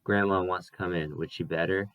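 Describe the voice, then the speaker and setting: A man reading aloud and voicing a steady farm mother who reassures an old woman. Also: low-pitched, a little fast, no room sound. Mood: reassuring.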